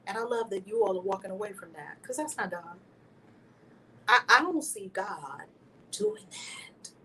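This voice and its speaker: A woman hosting a spiritual channel, teaching with emphatic, preacher-like energy that swings between loud exclamations and hushed whispers. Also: mid-range voice, expressive, normal speed. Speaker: host of a spiritual video channel. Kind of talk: impassioned spiritual teaching to camera. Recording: somewhat distant mic with faint background noise.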